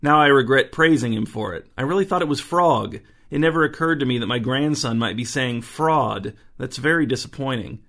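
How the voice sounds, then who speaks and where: Man voicing a fussy older grandmother, storybook reading, mid pitch. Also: brisk, vocal fry, few pauses, a bit bright. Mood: chatty.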